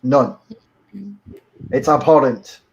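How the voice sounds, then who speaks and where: A man arguing on a live stream in a pompous, formal manner. His voice sits at a medium pitch. The sound is dull and lo-fi. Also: slow pace. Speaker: caller. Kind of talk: heated live-stream argument.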